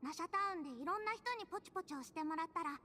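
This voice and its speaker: A woman voicing a lively, curious young girl in a video game, chattering in a bouncy, childlike way. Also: extremely high pitch, rapid-fire, heavily acted. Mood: eager.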